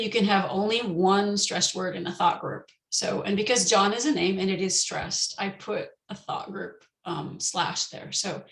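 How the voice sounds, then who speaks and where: A woman presenting an online teacher-training lecture, explaining step by step with frequent pauses and slowing down to model example sentences. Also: medium pitch, a bit bright, echoey room, poor audio.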